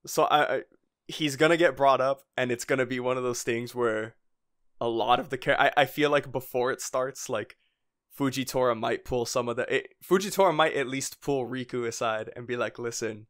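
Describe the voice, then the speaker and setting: A man's voice: medium pitch, moderate pace, fairly bright tone. Rambling young-sounding male podcast co-host. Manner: rambling, heavy on "like" fillers, frequent chuckles. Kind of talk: casual fan podcast chat.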